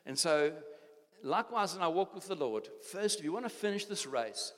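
South African older pastor in a reverberant hall. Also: male voice, sits high, sing-song, normal speed. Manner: exhorting, repeats phrases, many restarts. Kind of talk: sermon. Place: church hall.

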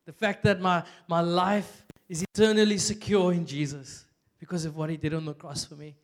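A young South African man preaching a casual, humorous sermon in church, chatty and animated, with lots of "like" and bursts of laughter. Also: fairly high pitch, moderate pace.

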